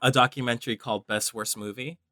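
A woman co-hosting a casual podcast chat, expressive, reacting with gasps and laughs. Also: extremely low pitch, fast talker, no echo, studio quality. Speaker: podcast co-host.

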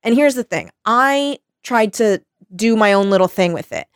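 Lively, laughing woman. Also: a little high, moderate pace, clear, resonant tone, no room sound, clean studio sound. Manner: animated storytelling, acts out quoted voices; laughs often. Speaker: podcast host. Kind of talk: casual chat.

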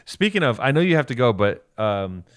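A man's voice: medium pitch, big pitch swings, a little fast, fairly bright tone, no echo. A man co-hosting a podcast in casual banter, talkative, teasing and profane, explaining things at length. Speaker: podcast co-host.

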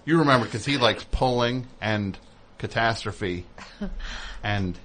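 A man's voice: lowish voice, a little slow, a bit bright, slight background noise. A man hosting a comedic call-in radio show, joking, teasing and telling stories. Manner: joking, teasing, tells stories with put-on voices.

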